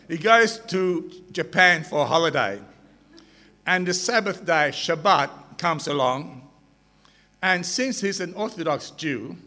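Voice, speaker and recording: High, bright man telling jokes slowly. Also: in a large hall. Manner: slow, drawn-out delivery, laughs at his own jokes. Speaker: joke teller. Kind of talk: stand-up joke telling to a crowd.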